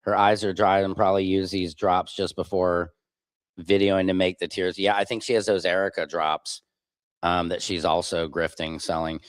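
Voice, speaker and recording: A man's voice: sits low, level tone, normal speed, clean tone, no room sound. Blunt, opinionated male streamer host. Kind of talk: live reaction commentary.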